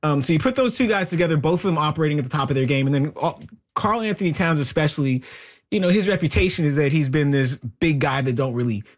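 A slightly high-voiced male sports analyst. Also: lively intonation, fast talker. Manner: analytical, conversational. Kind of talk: casual interview talk.

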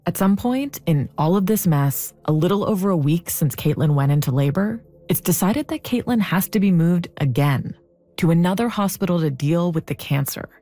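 Mellow-voiced woman narrating. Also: on the low side, lively intonation. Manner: measured storytelling. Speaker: podcast narrator. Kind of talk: scripted narration.

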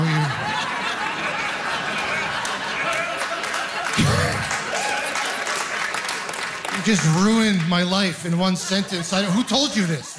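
A man works through a stand-up routine with a notably high voice. He tells his stories with animated, self-mocking mock outrage. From Ontario, Canada. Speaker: stand-up comedian. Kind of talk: stand-up comedy set.

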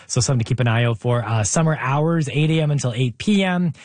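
A man's voice: mid-range voice, fast talker, a little mellow, dry recording. A man hosting a radio show, chatting casually and giving listener tips with frequent "uh" fillers. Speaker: radio host.

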